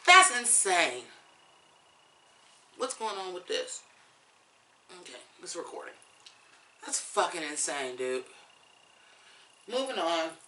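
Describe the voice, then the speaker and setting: A woman's voice: on the low side, sing-song, takes it slowly, pauses often, pushed and bright, reverberant. A woman reviewing songs in a blunt, profane, fired-up rant. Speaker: music reviewer. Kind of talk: ranting song review.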